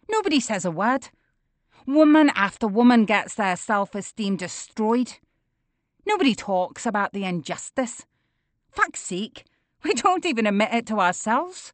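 A woman's voice: medium pitch, lively intonation, measured pace, dry recording. A woman narrating a first-person audiobook, intense and emotional, building to anger.

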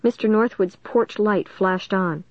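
A woman's voice: medium pitch, a little slow, no room sound. Woman narrating a spooky story, dry close sound, a bit dull and muffled. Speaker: audiobook narrator. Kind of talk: scripted first-person story narration.

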